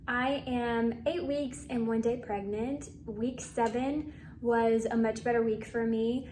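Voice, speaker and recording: A woman's voice: a little high, steady tone, takes it slowly, darkish tone, slight background noise. A young adult woman giving a candid, chatty update to her viewers in a casual vlog. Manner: candid, confiding, chatty with fillers. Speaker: vlogger.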